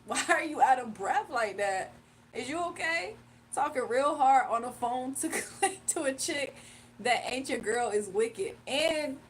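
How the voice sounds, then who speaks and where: A woman's voice: sits high, recorded from a distance, a little hiss or hum. A woman hosting a livestream in casual chat, mocking and blunt, laughing often. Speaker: livestream host.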